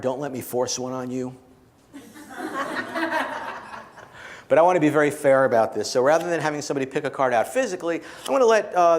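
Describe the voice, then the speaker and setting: This man speaks at a medium pitch, with a bit of background noise in the recording. He gives a magic-filled keynote to a small group, spinning playful stories and getting the audience to join in.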